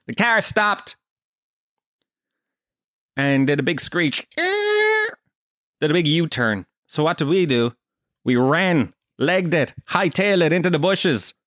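Irish comic host telling a story. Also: male voice, mid-range voice, fairly bright tone, dry recording, clean studio sound. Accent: Irish, Kerry. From Kerry, Ireland. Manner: profane, self-deprecating. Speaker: podcast host.

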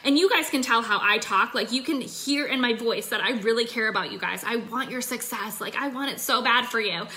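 A woman's voice: fairly high pitch, fairly quick, hardly any pauses, sharp tone. A young adult woman giving a chatty, upbeat sales coaching talk into her phone, full of fillers. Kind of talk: casual livestream coaching talk.

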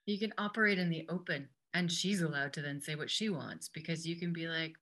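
A woman's voice: low voice, a little fast, hardly any pauses, a bit bright. A woman hosting a podcast, mostly giving short agreements and remarks. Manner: supportive listener with short agreements. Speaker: podcast host. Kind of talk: conversational interview.

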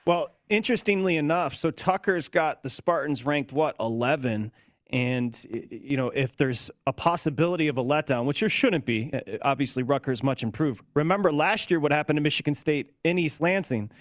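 Male co-host, slightly high voice, dry close sound, brisk and steering the talk. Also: dry recording. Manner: brisk, tosses lines and questions to his partner. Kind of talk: sports betting talk show chat.

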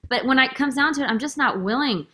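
A woman hosts a podcast and chats openly and effusively in an emotional way. Her talk is full of "like," and her tone is bright and forward. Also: high-pitched, fast talker. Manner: emotional, effusive, says "like" constantly. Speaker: podcast host. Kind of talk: casual interview chat.

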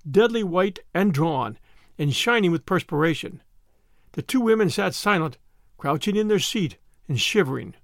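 A man narrating a classic novel as an audiobook, expressive and acting out the shouted lines. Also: high-pitched, vocal fry, no echo, clean studio sound.

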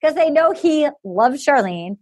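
A woman co-hosting a casual chat, retelling a story with animated energy. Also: high-pitched, measured pace, no room sound. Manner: animated storytelling, acting out quotes. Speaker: podcast co-host.

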